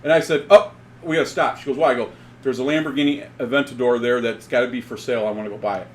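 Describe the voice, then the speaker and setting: A man's voice: medium pitch, racing, slight background noise. A man co-hosting a casual chat, telling a funny story with lots of laughter and acted-out dialogue. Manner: animated storyteller, laughs often, acts out dialogue. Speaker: podcast co-host.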